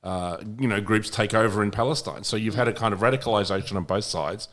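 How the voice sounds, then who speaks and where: A man's voice: lowish voice, fast talker, a bit bright. A man co-hosting a podcast who explains his views fluently and steadily in casual chat. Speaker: podcast co-host.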